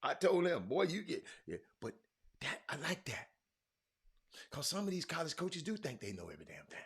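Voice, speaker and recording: A middle-aged man hosting a sports talk show, chatting loudly and calling out viewers by name in casual Southern vernacular. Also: on the high side, normal speed, slightly rough. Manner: loud, excitable, calls out viewers by name; Southern vernacular, y'all and ain't. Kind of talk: casual livestream chat reading comments.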